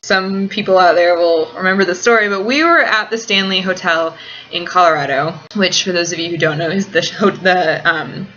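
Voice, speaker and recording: A woman's voice: on the low side, moderate pace, sharp tone, lo-fi sound, a little hiss or hum. A woman vlogger answering viewer questions in casual, rambling chat full of "like," recorded in a small apartment kitchen. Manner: rambling, heavy use of "like".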